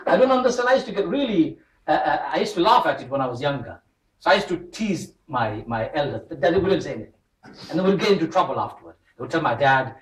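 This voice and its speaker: A man's voice: fairly high pitch, sing-song, quick pace. A man giving a religious talk as an imam to a congregation in a mosque hall, telling stories with humor and acting out the voices he quotes. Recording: roomy hall, voice from a distant mic.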